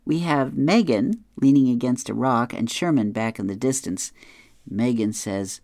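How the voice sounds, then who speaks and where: A woman with an unusually deep, low voice reads newspaper comic strips aloud, describing each panel. She goes slowly and deliberately, pausing to chuckle. The recording is dry and close, with no room sound. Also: a little mellow, no room sound.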